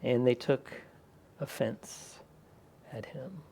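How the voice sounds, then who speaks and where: A man's voice: medium pitch, takes it slowly, gravelly, warm tone. A man, a pastor, preaching a conversational sermon in a church, lifting his voice when he quotes the people in the scripture. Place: church sanctuary.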